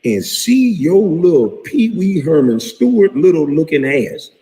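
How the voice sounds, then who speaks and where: A retired athlete in his forties rants to camera, cursing freely and talking in a heated, animated way. His voice sits a little high for a man and swoops widely in pitch. The recording is roomy, with a long reverb tail. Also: a little slow. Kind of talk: casual rant to camera. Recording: echoey room with long reverb.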